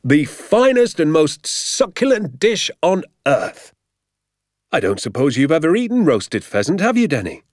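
A man voicing an excitable, boastful middle-aged father in an audiobook, exclaiming in a grand, theatrical way. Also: on the high side, a little slow, dry recording, clean studio sound, pitched above the performer's own voice. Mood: rapturous. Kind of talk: audiobook character voice.

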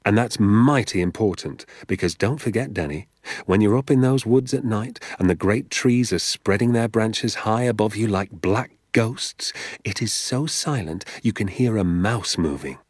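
A man reading an audiobook, voicing a secretive, enthusiastic father who talks in a low, confiding hush and sometimes drops to a whisper. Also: normal speed, slightly rough, no echo, clean studio sound. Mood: hushed explaining. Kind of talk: audiobook character voice.

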